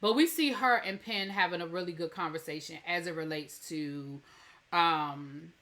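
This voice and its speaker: Bright-voiced woman recapping a TV episode. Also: fairly low pitch, normal speed. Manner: chatty, rambling, many fillers and restarts. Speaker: TV review channel host.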